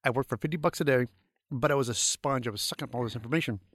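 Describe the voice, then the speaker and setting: A middle-aged man from St. Louis, a guest telling rambling, animated anecdotes full of fillers in a casual interview. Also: medium pitch, racing, no echo, clean studio sound. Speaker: guest, creature effects artist.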